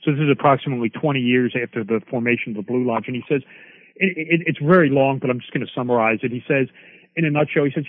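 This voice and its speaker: A man's voice: medium pitch, fast talker, dry recording. A man explaining history as an interview guest, rambling with many fillers. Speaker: guest expert on Freemasonry. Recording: dry, tinny phone line.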